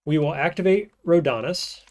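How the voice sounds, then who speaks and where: A man streaming a roguelike, thinking aloud in casual gameplay commentary and often trailing off into quiet mutters. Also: a little high, normal speed.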